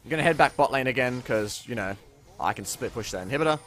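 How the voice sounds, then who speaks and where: A young man talks loosely over his gameplay footage, swearing often and flaring up when something annoys or excites him. His voice is bright and pressed forward, with a faint hiss of noise behind it. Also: medium pitch, fast. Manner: laid-back, swears freely, bursts into excited outbursts. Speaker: gameplay commentator.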